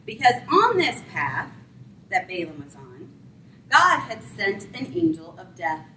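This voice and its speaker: A woman preaching a sermon, retelling a Bible story and acting out the characters in quick voices. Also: mid-range voice, sing-song, bright, forceful tone, distant mic, a little hiss or hum. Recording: roomy sound from away from the mic.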